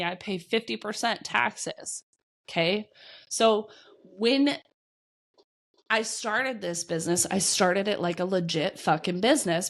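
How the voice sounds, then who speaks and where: Woman podcaster and business coach, blunt and energetic, casual swearing, a cold's cough in the throat. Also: mid-range voice. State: getting over a cold, coughing. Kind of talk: solo podcast monologue.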